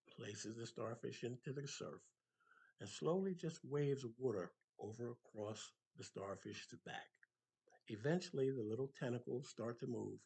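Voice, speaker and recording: An older man speaks with preacherly emphasis, his voice climbing to passionate peaks. His tone is husky and slightly rough, set at an ordinary middle pitch. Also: darkish tone. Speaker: motivational speaker. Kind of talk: impassioned motivational monologue.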